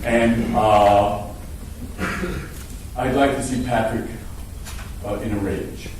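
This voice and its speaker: A man leading an acting workshop in front of an audience, talking in an animated way, laughing and swearing freely. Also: on the low side, slow pace. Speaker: acting teacher. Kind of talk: workshop talk to a live audience. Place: large hall with audience. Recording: echoey hall, far mic, audience noise.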